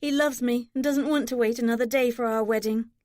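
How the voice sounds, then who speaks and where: A woman reading an audiobook, voicing a young bride who talks in a lively, teasing way. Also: on the high side, fairly quick, dry recording, studio quality, pitched above the performer's own voice, natural voice. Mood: bright.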